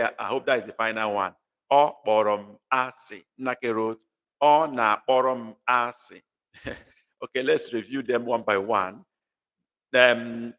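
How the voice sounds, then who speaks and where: A man's voice: mid-range voice, fairly bright tone, long reverb tail. A man, teaching a live online language lesson, patient and repeating points for emphasis. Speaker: language tutor.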